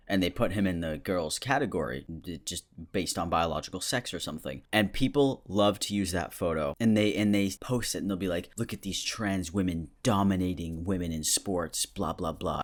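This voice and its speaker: Low-voiced sarcastic man. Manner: sarcastic, mocking. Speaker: YouTuber reacting to screenshots. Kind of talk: casual sarcastic commentary.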